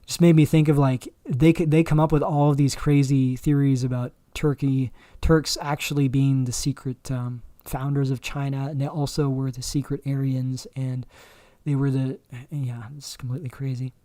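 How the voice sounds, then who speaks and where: Guy riffing on his stream, warm low-key tone, dry close sound, lots of ums and restarts. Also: level tone, dry recording. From Canada. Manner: rambling, halting, many fillers and restarts. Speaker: livestream host. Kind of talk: casual livestream commentary.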